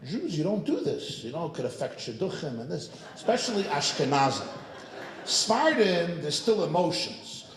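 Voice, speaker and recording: A rabbi telling a funny story to his congregation, lively and full of asides to the audience. His voice sits fairly high and swoops up and down a lot. The sound is roomy and echoey, as in a synagogue hall. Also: moderate pace. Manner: animated, joking, lots of asides to the audience. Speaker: rabbi, guest speaker. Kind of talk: humorous storytelling talk.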